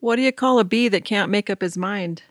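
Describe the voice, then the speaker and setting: A woman's voice: medium pitch, a little fast, no room sound, clean studio sound. A woman trading jokes in a casual podcast chat, cheerful and easily amused. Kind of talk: casual joke-telling chat.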